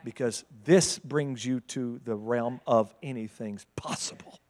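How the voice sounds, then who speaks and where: A man preaching a sermon as pastor, speaking directly to the congregation with rhetorical questions and swinging between loud outbursts and hushed intensity. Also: medium pitch, slow pace, long reverb tail.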